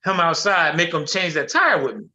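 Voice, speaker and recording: A man's voice: on the high side, sing-song, moderate pace, sharp tone, muffled recording, exaggerated voice. A man retelling his frustrated grown daughter's words in a lightly raised voice. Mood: defensive.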